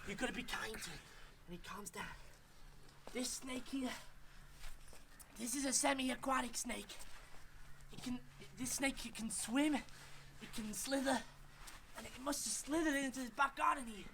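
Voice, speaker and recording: A performer playing an excitable male wildlife presenter with a poor put-on Australian accent, filming outdoors in a back garden for a children's show. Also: high-pitched, a little hiss or hum. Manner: excitable, exclaiming, sudden shouts then hushed. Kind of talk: comic children's wildlife segment.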